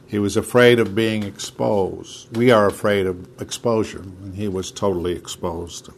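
A man with a low voice preaches a sermon while he feels unwell. He reads scripture aloud in a raised voice and breaks off into halting asides. Faint noise sits under the recording. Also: steady tone, creaky. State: unwell, hurting.

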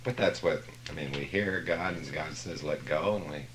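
A man leading a casual Bible study group, telling stories and jokes in a lively way. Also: very deep voice, moderate pace, noisy background. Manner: storytelling, animated jokes.

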